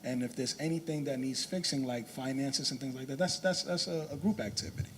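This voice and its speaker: A man on a church panel talks in a casual, conversational way at a middle pitch. There is a faint noise behind him, and he leans on easy fillers as he makes his point. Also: a little fast. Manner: casual, conversational, many "you know".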